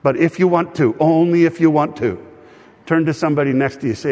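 A male pastor delivers a sermon in an earnest, conversational way, drawing the congregation into call-and-response. His voice sits a little higher than most men's. A long reverb trails each phrase, as in a church hall. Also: fairly quick, darkish tone.

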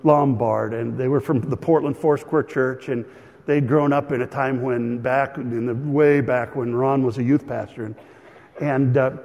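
A man's voice: mid-range voice, fairly even intonation, unhurried, a little mellow, muffled recording. A middle-aged man pastor preaching a sermon, telling stories with chuckles and fillers. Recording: long hall reverb.

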